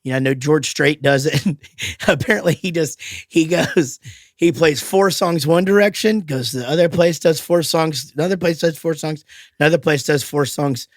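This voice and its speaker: A man's voice: on the high side, moderate pace, no echo, studio quality. Rambling man in casual chat. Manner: rambling, many restarts, swears freely. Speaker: podcast host.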